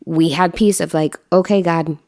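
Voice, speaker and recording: A woman's voice: on the low side, fairly even intonation, a little mellow. A woman in her thirties co-hosting a casual chat, reflective and conversational. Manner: conversational, reflective, quick affirmations. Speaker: podcast co-host.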